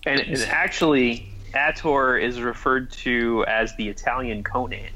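A man's voice: mid-range voice, fairly even intonation, unhurried, bright, forceful tone. A man co-hosting a movie podcast in easygoing, opinionated casual chat. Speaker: podcast co-host. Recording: dull lo-fi mic with noise.

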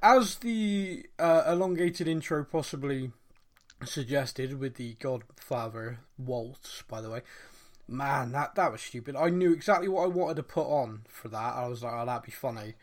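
A man's voice: mid-range voice, measured pace. A man hosting a football podcast in casual chat, talkative and laughing often. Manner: chatty, laughs often, mimics voices. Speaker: podcast host.

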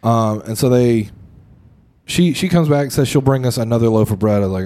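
A man's voice: mid-range voice, a little fast, dark tone. A young man co-hosting a podcast, telling a story in a rambling, casual way with lots of fillers and swearing. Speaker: podcast co-host.

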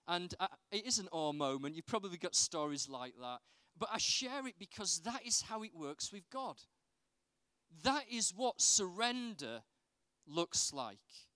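A man delivers a sermon in a high, clear voice, telling anecdotes and asking the listeners rhetorical questions. The recording is dry and close, with no room echo. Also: normal speed. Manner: animated storytelling with rhetorical questions. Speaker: preacher.

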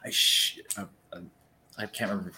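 A man's voice: lowish voice, moderate pace, slight background noise. A man casually telling a long story, rambling and swearing freely as he acts out the scene. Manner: rambling, profane, lively retelling.

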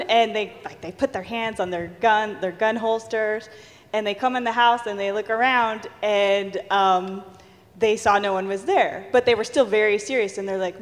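A woman composer on a convention panel, telling stories in an animated way with frequent laughter. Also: medium pitch, moderate pace. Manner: animated, laughs often, acts out quotes. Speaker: panel guest, horror film composer. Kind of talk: live panel storytelling. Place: large convention stage hall. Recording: reverberant stage hall.

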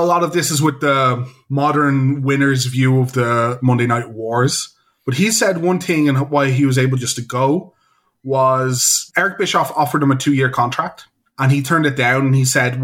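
A man co-hosting a casual podcast chat, talking in an enthusiastic, rambling way with quick asides. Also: medium pitch, a bit bright. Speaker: podcast co-host.

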